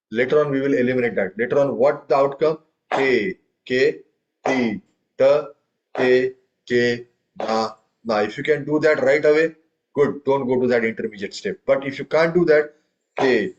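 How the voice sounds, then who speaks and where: A man's voice: mid-range voice, dull audio. A man teaching a group tabla lesson, counting beats and reciting drum syllables for students to follow.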